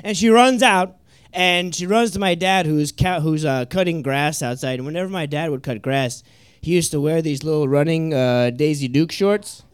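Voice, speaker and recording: A young man telling a stand-up story, animated and laughing, with many "like"s. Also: fairly high pitch, normal speed, clear, resonant tone, no echo. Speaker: stand-up comedian.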